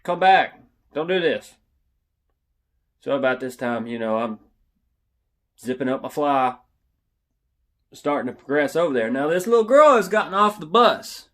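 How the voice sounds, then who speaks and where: Animated young man telling a story. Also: medium pitch, moderate pace, long pauses. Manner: animated, yells out quoted lines. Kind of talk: casual anecdote telling.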